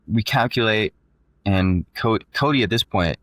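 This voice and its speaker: A man guest on a podcast, telling a long story in a casual, animated way, often quoting himself, with many fillers. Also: lowish voice, unhurried, no room sound.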